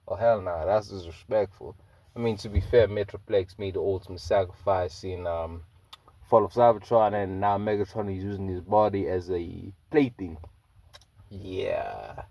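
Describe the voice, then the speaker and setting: A man's voice: lowish voice, a little slow, warm tone, no echo. Rambling man telling a fan story. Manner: rambling, slangy, with fillers.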